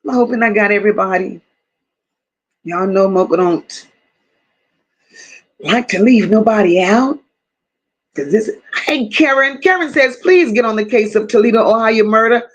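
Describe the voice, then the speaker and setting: High-voiced woman greeting live chat. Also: moderate pace, long pauses. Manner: warm, affectionate, calls viewers baby and boo; casual, swears freely, reads chat aloud. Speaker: livestream host.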